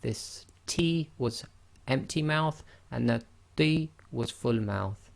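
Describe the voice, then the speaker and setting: Male pronunciation teacher, gravelly voice, careful and slow, demonstrates each sound. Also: medium pitch. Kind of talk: recorded pronunciation lesson.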